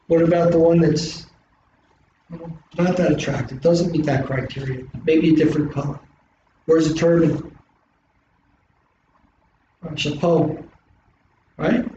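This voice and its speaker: A middle-aged man with a South Philly accent, an instructor giving an animated classroom lecture full of rhetorical questions. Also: fairly high pitch, measured pace, pauses often. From South Philadelphia, US. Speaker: college instructor. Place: large classroom. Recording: distant echoey classroom recording, dull and hissy.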